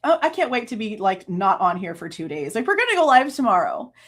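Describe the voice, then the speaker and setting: A woman's voice: mid-range voice, big pitch swings, a little fast, fairly bright tone. A woman, hosting a true crime livestream, ranting angrily, swearing and laughing between outbursts. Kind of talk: casual livestream rant.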